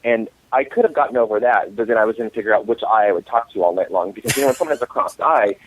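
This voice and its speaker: A man, an author and guest, telling comic dating stories in an animated way. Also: fairly low pitch, very fast, slight background noise. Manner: animated, comic storyteller acting out quotes. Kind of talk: storytelling interview. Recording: tinny phone line.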